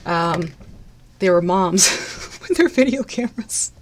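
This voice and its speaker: A woman with a somewhat low voice chats through a casual live stream as she paints miniatures. She greets viewers brightly, laughs often and chats freely. A faint hiss sits under her voice. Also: expressive, unhurried.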